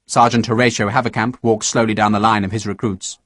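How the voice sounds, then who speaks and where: A man narrating an audiobook in a measured, expressive storytelling manner, recorded close to a studio microphone. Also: on the low side, no room sound. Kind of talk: scripted narration.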